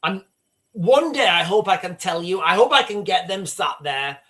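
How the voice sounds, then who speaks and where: A northern English man hosting a livestream, giving fast, rambling political commentary with many restarts. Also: high voice, expressive, a bit bright. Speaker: livestream host.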